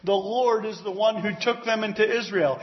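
A man's voice: high voice, moderate pace. A man preaching an expository Bible sermon in an earnest, emphatic way, with exclamations of praise. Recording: dull lo-fi recording.

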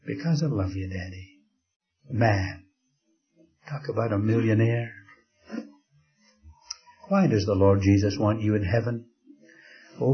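Older male preacher, slow dramatic sermon delivery with hushed drops, mid-pitched, slightly muffled lo-fi recording. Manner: slow, dramatic storytelling with soft drops to a hush.

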